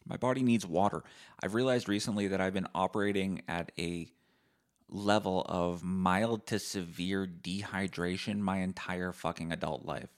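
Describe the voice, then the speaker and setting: A man in his thirties hosting a casual solo podcast, sardonic and profane, swinging into loud mock-angry rants. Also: low-pitched, fairly even intonation, unhurried. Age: 30s. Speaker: podcast host.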